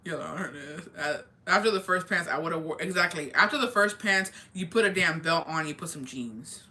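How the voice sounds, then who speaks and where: A young woman tells a story from her school days in loose, casual chat. Her voice is bright and forceful, and she swears freely and drifts from point to point. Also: deep voice, moderate pace, slight background noise. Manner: profane, rambling and blunt. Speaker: streamer.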